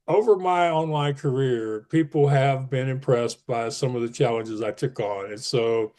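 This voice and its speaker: A man's voice: medium pitch, a little mellow. A man speaking as a podcast guest, earnest and emphatic, pushing up his voice on key advice. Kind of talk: casual interview talk.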